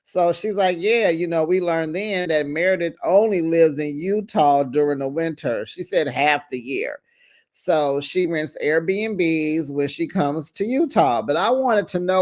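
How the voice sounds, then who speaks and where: A man's voice: on the high side, animated, a little slow. A man hosting a reality TV review channel from home at night, recapping an episode in a sassy, gossipy way full of slang. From United States. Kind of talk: casual commentary vlog.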